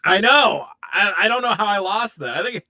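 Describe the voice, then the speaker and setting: A man guesting on a podcast, telling stories in a lively, casual way and swearing freely. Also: sits high, moderate pace. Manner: animated storyteller, swears freely.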